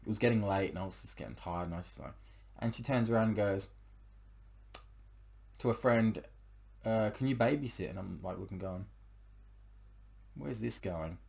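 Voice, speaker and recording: A young man with a lowish voice tells a personal story in casual confessional style. He rambles, with frequent fillers and restarts. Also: normal speed, creaky, long pauses, a little mellow.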